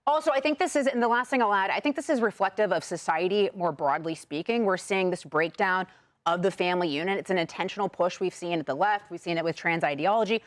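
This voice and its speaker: A woman's voice: on the low side, quick pace. A woman speaking bluntly and scornfully as a commentator on a TV panel show. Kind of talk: opinionated TV panel talk.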